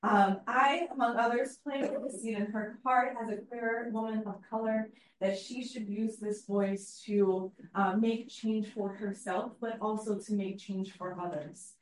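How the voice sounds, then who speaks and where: A woman's voice: medium pitch, steady tone, unhurried. A woman teacher giving an earnest, story-driven public speech, with frequent fillers. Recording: echoey hall from far off.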